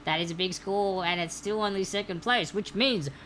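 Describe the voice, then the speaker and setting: A woman's voice: fairly low pitch, fairly even intonation, a little fast, fairly bright tone, slight background noise. A woman hosting a live-streamed trivia night, reading out answers in a chatty, upbeat way and greeting viewers by name. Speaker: trivia host.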